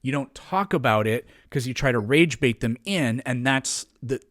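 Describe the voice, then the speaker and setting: A man's voice: mid-range voice, expressive, moderate pace, fairly bright tone, dry recording, studio quality. A man talking casually as a podcast guest, rambling with many restarts and fillers. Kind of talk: casual conversation.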